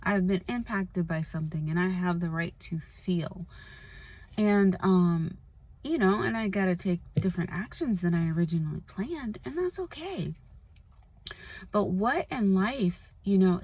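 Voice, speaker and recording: Low-voiced woman rambling earnestly. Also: unhurried, a little mellow, breathy edge, no room sound. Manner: rambling, heavy on "like" and "you know"; earnest, confessional. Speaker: spiritual vlogger. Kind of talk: casual spoken monologue.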